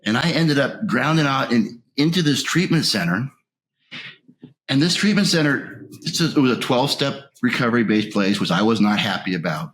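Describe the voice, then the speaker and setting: A man being interviewed, telling his recovery story in a raw, emotional way, his voice rising when anger returns and sinking to a near whisper at the lowest points. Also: expressive, normal speed, a bit bright. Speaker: interview guest.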